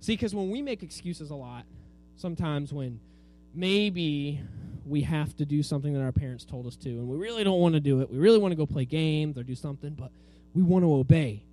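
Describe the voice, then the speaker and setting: A man's voice: on the high side, animated, a little fast, mellow. A man teaching a children's Bible lesson, telling the story with energy and asking the kids to repeat words after him. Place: room with a group of children.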